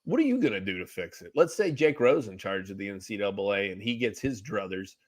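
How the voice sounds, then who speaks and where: A man hosting a casual sports podcast, teasing his co-host and quick to laugh. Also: on the low side, big pitch swings, no room sound.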